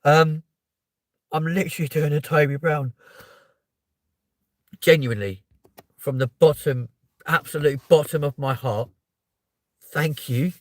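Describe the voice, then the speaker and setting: A man hosting his channel's live stream, emotional and close to tears, talking to viewers in a halting way with heavy sighs. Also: on the high side, no room sound. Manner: sighing, halting, overwhelmed. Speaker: channel host.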